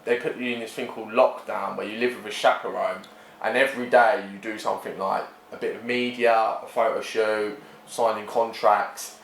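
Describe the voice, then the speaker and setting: A man's voice: fairly low pitch, normal speed, creaky, a little hiss or hum. A young man on a podcast, telling stories and acting out the voices of others. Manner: animated, acts out voices in anecdotes. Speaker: podcast guest. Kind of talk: casual storytelling chat. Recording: echoey room.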